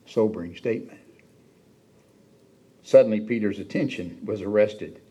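A man's voice: fairly low pitch, moderate pace, dark tone, husky. A man preaching a sermon in a conversational way, acting out the quoted lines with a raised voice. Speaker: pastor.

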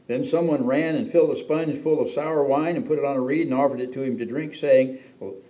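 A man delivers a sermon as a pastor, reading scripture and then unpacking it. His voice is mellow and warm, sitting in a middle pitch range. He often lifts his voice for emphasis. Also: fairly even intonation, fairly quick, poor audio. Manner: reads scripture then explains it, with frequent emphatic pitch rises.

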